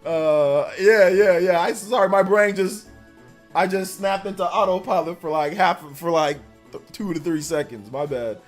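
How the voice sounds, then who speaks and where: High-voiced man rambling on a livestream. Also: moderate pace, faint music behind. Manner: rambling and laughing, reading donation messages aloud. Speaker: streamer. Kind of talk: casual livestream reaction chat.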